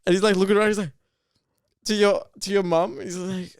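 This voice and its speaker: A young man co-hosting a casual podcast, laughing often and chiming in with quick agreement. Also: high voice, flat delivery, smooth, dry recording, clean studio sound. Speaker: podcast co-host. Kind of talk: casual chat.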